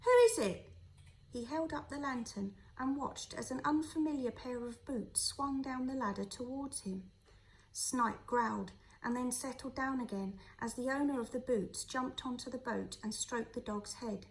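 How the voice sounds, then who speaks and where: A woman's voice: fairly high pitch, normal speed, poor audio. Woman reading a children's novel aloud. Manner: steady, clear storytelling. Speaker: teacher reading to a class.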